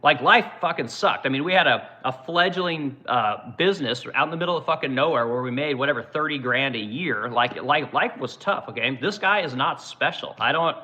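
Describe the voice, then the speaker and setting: A man's voice: medium pitch, lively intonation, brisk, hardly any pauses, bright, forceful tone, lo-fi sound. A man in his forties from Oregon hosting a livestream, ranting in casual, profane commentary. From Oregon, USA. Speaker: livestream host and business owner.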